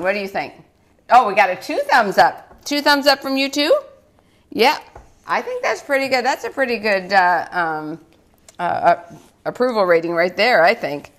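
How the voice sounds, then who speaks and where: A woman's voice: medium pitch, expressive, moderate pace, pauses often. An older woman hosting a live children's cooking show, chatty and encouraging, laughing often.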